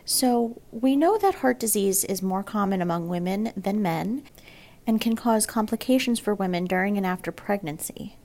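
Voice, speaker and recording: Woman moderator, polished and clear, mid-range voice. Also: mid-range voice, animated, moderate pace, warm tone. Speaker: podcast moderator. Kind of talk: scripted interview hosting.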